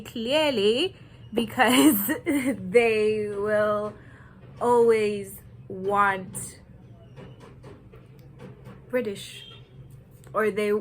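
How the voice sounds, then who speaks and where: Slow, earnest woman from Kenya. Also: a little high, fairly bright tone, slight background noise, low-quality recording. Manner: earnest, deliberate, with nervous laughs. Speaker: vlogger. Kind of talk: personal reflective monologue.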